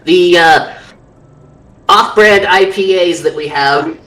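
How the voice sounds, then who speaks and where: A woman's voice: on the low side, slow pace, fairly bright tone. Woman playing a breezy shopkeeper. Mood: businesslike. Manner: breezy, offhand, salesy. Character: brisk woman shopkeeper, haggling over wares. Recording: roomy and distant mic.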